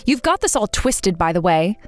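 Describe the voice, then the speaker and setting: A woman's voice: mid-range voice, big pitch swings, moderate pace, no echo, soft background music, lightly acted. A woman voicing an exasperated young bride in a text-message story, demanding and indignant toward her sister.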